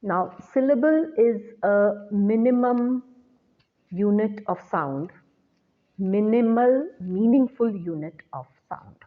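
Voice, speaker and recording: A woman teaching an English lesson in a measured, deliberate way, repeating her key points. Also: mid-range voice, expressive. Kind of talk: slow lecture. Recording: dull lo-fi recording.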